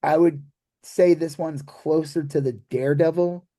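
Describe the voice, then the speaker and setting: Mellow low-key guy chatting movies on a podcast, swears a lot, trails off. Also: steady tone, unhurried. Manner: loose, swears casually, trails off mid-sentence. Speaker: podcast co-host. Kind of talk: casual movie chat.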